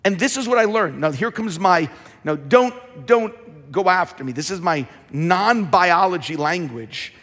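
A man preaching a sermon in a church, repeating phrases and building to shouted emphasis. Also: high-pitched, expressive, measured pace, long reverb tail. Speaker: pastor. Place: church sanctuary.

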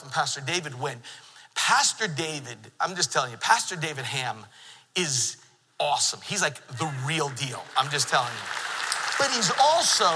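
A middle-aged man preaching a sermon in a church, an animated storyteller who jokes with the congregation. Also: fairly high pitch, big-room sound, a little hiss or hum, poor audio. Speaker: pastor. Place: church sanctuary.

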